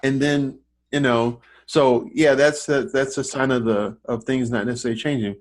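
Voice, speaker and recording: A man's voice: medium pitch, steady tone, normal speed. A man who works as an online film critic, chatting casually about films with many false starts and repeated words. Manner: rambling with many restarts. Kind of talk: casual podcast film discussion.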